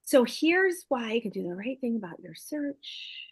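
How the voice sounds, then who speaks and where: A woman's voice: fairly high pitch, very animated, a little slow, slightly rough. A middle-aged woman real estate broker hosting a casual chat, talking in a chatty, enthusiastic way and thinking aloud. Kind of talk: casual video call chat.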